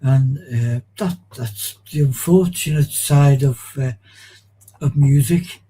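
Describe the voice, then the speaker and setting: Husky, mellow-voiced man reminiscing. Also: medium pitch, takes it slowly, poor audio. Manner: rambling, digressive, many restarts. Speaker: guest. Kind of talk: casual chat, reminiscing.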